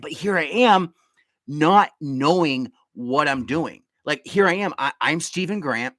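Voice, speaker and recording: A man hosting a live podcast in casual chat, talking in excitable, rambling bursts. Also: a little high, a little slow, dry recording. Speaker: podcast host.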